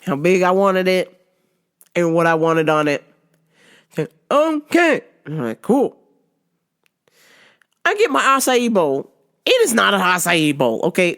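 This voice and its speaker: A woman host tells a comic story at an unhurried pace, her pitch rising and falling widely. She talks casually and profanely and laughs often as she goes. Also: a bit bright. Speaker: show host. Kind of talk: comedic storytelling chat.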